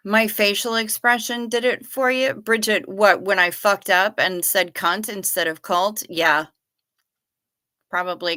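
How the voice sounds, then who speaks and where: Woman livestream host, bright tense tone, slow easy delivery, swears freely, gushes over her viewers. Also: mid-range voice, fairly even intonation. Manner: profane, effusive, greets viewers by name. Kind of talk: casual livestream chat reading viewer comments.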